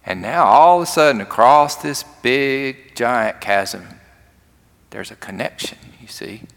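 A man's voice: mid-range voice, lively intonation, slow, gravelly, fairly bright tone. A man preaching a sermon and retelling a story, acting out the characters' lines. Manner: storytelling, acts out quoted lines. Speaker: pastor. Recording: long hall reverb.

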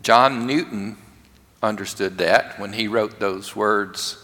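A man preaching a lively, conversational sermon to his congregation, acting out quotes along the way. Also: on the low side, slow. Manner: animated, conversational, acts out quotes. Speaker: pastor. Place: church sanctuary. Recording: long reverb of a large church hall.

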